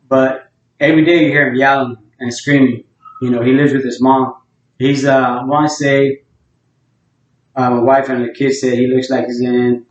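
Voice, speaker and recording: Middle aged guy rambling casual, pretty monotone, kinda far off and muffled. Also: mid-range voice. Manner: rambling, plain-spoken, many fillers and restarts. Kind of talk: casual spoken monologue. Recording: roomy, distant, dull lo-fi sound.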